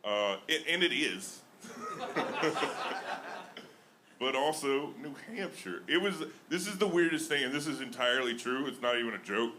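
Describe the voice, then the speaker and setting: A man's voice: mid-range voice, animated, normal speed, bright, forceful tone, a little hiss or hum. A young man from Alabama, with an Alabama accent, doing a self-mocking stand-up set on a comedy club stage. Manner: self-mocking, chatty with laughs in the flow.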